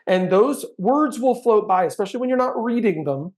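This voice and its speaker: A man's voice: sits high, expressive, a little fast, few pauses, darkish tone. A middle-aged man teaching sales technique in a chatty training talk, acting out sample lines now and then.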